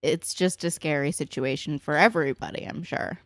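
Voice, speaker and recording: A woman co-hosting a podcast, chatting casually as she recaps a TV episode, expressive and full of "like" fillers. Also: low voice, normal speed, no echo, studio quality. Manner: expressive, swings between bright emphasis and soft asides; frequent "like" fillers. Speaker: podcast co-host.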